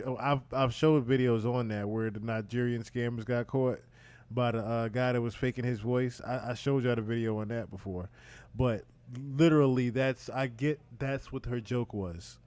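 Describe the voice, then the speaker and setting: A man talks through a reaction video in a casual, blunt way. He sounds incredulous and exasperated, and his voice sits at an ordinary middle pitch. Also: a little mellow, smooth, no room sound. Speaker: commentary host.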